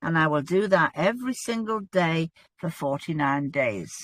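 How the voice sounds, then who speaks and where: A woman's voice: low-pitched, expressive, normal speed. Earnest woman explaining. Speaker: guest. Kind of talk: casual religious discussion.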